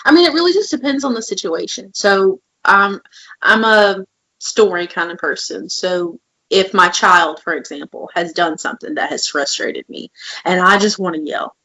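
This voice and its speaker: A woman's voice: medium pitch, lively intonation, normal speed, bright, forceful tone, husky, highs cut off. A woman in her twenties co-hosting a podcast, telling candid personal stories in casual chat and acting out quoted lines. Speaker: podcast co-host.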